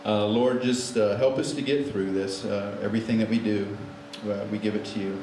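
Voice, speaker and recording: Guy emceeing a memorial, low flat voice, lots of uhs, echoey hall. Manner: halting, with many fillers and restarts. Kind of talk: informal memorial speech and prayer. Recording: echoey room with faint noise.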